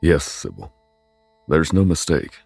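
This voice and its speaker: A man playing a loving middle-aged wizard father who speaks earnestly and gently. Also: very deep voice, sing-song, measured pace, gravelly, slightly rough, dry recording, soft background music, heavily acted. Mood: solemn.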